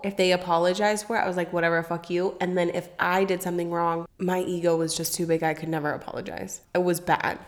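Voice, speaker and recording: Woman podcast co-host, somewhat low voice, frank and casual, leans on "like". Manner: casual, frank, swears freely, says "like" a lot. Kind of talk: casual podcast chat and book reading.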